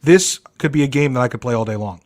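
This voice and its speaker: A man's voice: medium pitch, quick pace, a little mellow. A man hosting a casual comedy podcast, crude and joking in a mock-serious way. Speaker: podcast host.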